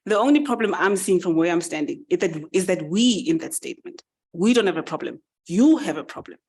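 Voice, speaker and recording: A woman's voice: lowish voice, lively intonation, brisk, a little mellow, breathy edge. A woman voicing a smug, dismissive male chicken that brushes off a friend.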